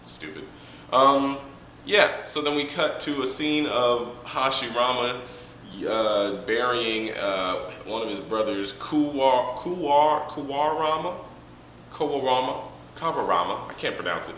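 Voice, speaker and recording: A man's voice: mid-range voice, fairly even intonation, measured pace, pushed and bright, distant mic, slight background noise. A man reviewing a manga chapter in a casual, rambling, joking way, with many fillers. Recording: echoey room, from the mic.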